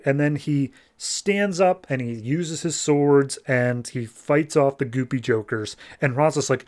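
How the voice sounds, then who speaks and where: Recapping comic books for his podcast, this man keeps things casual and jokey, loosely paraphrasing the characters. He speaks in a mid-range voice, a little slowly, with hardly any pauses.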